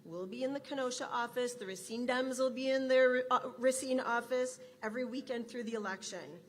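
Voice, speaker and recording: A woman's voice: on the high side, a little fast, long reverb tail. A woman organizer giving an upbeat, exhorting rally speech and introducing speakers. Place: large hall at a rally.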